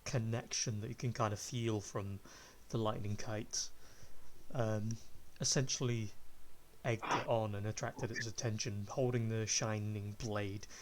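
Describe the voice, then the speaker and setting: A man running a tabletop game as game master, describing the scene at an unhurried pace. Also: lowish voice, fairly even intonation, background noise.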